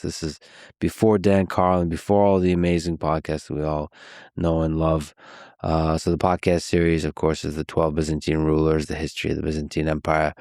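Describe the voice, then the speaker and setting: Deep, flat-voiced male podcast host. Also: creaky, dry recording, clean studio sound. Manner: measured, admiring questions with restarts. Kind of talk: long-form interview.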